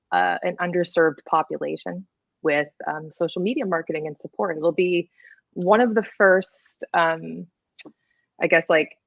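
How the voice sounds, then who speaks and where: A Canadian-born woman, a video editor, chatting casually as a podcast guest, explaining with lots of fillers and quick laughs. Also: fairly low pitch, creaky, no room sound, muffled recording.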